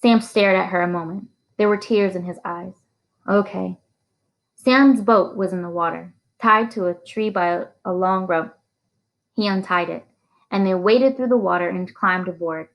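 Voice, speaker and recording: A woman reading a novel aloud in a steady storytelling manner. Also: fairly low pitch, normal speed, low-quality recording. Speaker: reader.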